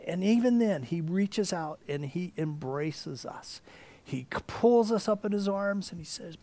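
A man preaching a sermon, dropping to whispers and rising to near shouts as he acts out the story. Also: on the high side. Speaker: pastor.

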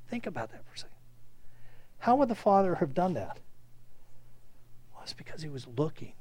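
A man preaching a sermon, retelling scripture with acted-out quotes and joking asides to his congregation. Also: high-pitched. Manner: animated preaching, acts out quoted speech, jokes aside. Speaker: pastor.

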